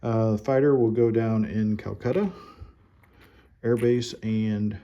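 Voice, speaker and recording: A man playing a board game at home, calmly talking through his turn and counting his units and money aloud. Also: lowish voice, takes it slowly, muffled recording. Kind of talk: casual solo board game playthrough.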